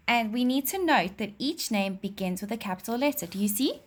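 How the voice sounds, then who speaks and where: A woman teacher giving a reading lesson to young children, speaking clearly and reading a rhyme aloud with lively expression. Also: fairly high pitch, moderate pace, few pauses.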